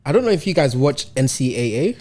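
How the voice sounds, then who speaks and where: A man's voice: medium pitch, very animated, fast, darkish tone. A man co-hosting a sports podcast, bantering and teasing the others in casual chat. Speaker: podcast co-host.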